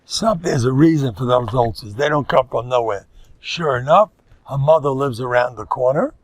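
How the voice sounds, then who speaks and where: A man's voice: medium pitch, normal speed, dry recording. An older man, a rabbi giving an informal, joking Torah lecture that mixes in Yiddish and Hebrew words. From United States.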